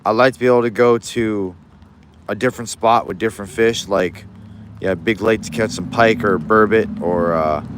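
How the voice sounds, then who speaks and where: Young man, low voice, loose rambling livestream chat on a phone outdoors, faint city noise behind. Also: moderate pace. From Alaska. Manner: rambling, easygoing, many restarts. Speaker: fishing livestreamer. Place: outdoors in the rain.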